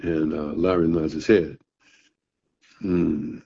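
An older man, a blues musician, telling a story to an interviewer in a halting, casual way with fillers and repeated words. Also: a bass voice, flat delivery, vocal fry, husky. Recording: dull, muffled recording.

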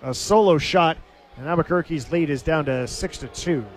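A man calling a minor league baseball game on radio, telling a funny story between pitches and laughing at it. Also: moderate pace. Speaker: baseball play-by-play announcer.

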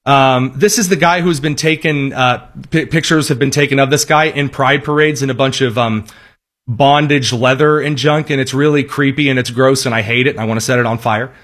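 A man's voice: medium pitch, steady tone, a little fast, fairly bright tone. A man giving opinionated political commentary, sarcastic and ranting, with frequent restarts.

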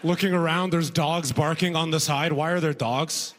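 A man's voice: on the high side, fairly even intonation, normal speed, fairly bright tone. Stand-up comic, man, hall reverb. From Alberta, Canada. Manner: conversational, frequent "right?" asides, drawled impressions. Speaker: stand-up comedian. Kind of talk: stand-up comedy set. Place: comedy festival stage before a live audience.

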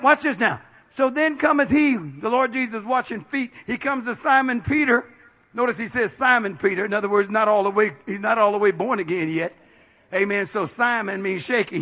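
Man preaching a sermon, very high voice, bright and forceful, keeps saying amen, rises to shouting. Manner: fervent, peppers phrases with amen, builds to shouting. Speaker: pastor.

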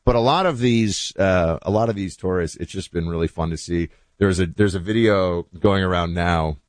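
A man hosting a talk show, chatting in a loose, animated monologue with asides that trail off quietly. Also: sits low, normal speed, no room sound. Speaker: host.

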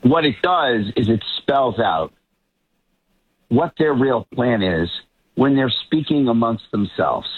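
Emphatic husky man on a tinny line. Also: medium pitch, lively intonation, takes it slowly. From Boston area. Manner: emphatic, repeats words when building a point. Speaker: political commentator guest. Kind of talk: talk show panel discussion.

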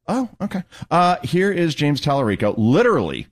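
Talk radio guy, snarky and mocking, voice jumps up and down a lot. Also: normal speed. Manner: sarcastic, mocking, lively pitch swings. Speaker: radio talk show host.

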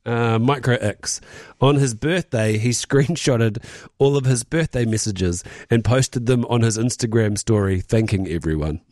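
A man's voice: mid-range voice, measured pace, darkish tone, dry recording, clean studio sound. A man co-hosting a radio show in casual banter, teasing and reading listener comments aloud. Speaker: radio co-host.

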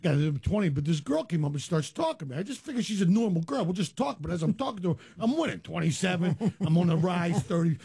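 A man doing stand-up storytelling on a radio show, animated and laughing through his jokes. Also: high-pitched, quick pace, vocal fry, few pauses, breathy edge. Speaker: stand-up comedian guest. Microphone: studio mic.

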